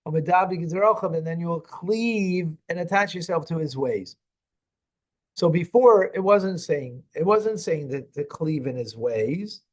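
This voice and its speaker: A man with a fairly high voice, a rabbi leading a text study class. He reads verses aloud, gives their meaning, and presses his student with questions before he explains. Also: lively intonation, slow pace, darkish tone. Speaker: rabbi teaching a Torah class.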